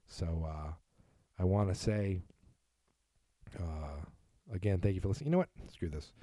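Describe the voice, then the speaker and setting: A man's voice: deep voice, normal speed, dark tone, no room sound. A man from New England hosting a casual solo podcast, reading listener emails aloud and rambling with self-deprecating asides. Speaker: podcast host.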